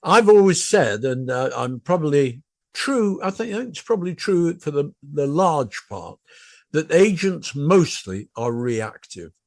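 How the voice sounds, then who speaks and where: A man's voice: fairly high pitch, lively intonation, a little slow, gravelly, a little mellow, dry recording, studio quality. An older man hosting a podcast, responding encouragingly and offering reflective comments. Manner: encouraging listener, reflective remarks. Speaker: podcast host. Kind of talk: casual chat.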